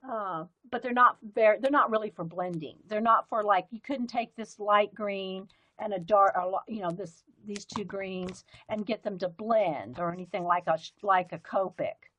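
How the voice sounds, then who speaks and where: Speaking at a moderate pace with few pauses, this livestream art host has a medium-pitched, slightly bright voice and a light Southern American accent. She chats casually while showing off pens and markers, wandering off topic often, and the recording sounds muffled.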